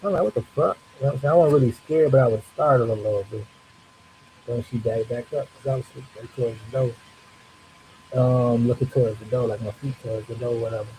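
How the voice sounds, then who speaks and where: A man recounts an eerie experience in a loose, cursing, conversational way, acting out his own startled reactions. His voice is mellow and dark. A faint hiss runs under the recording. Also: medium pitch, fast talker, poor audio. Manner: loose, profane, animated retelling with acted-out reactions. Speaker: storyteller. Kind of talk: casual storytelling livestream.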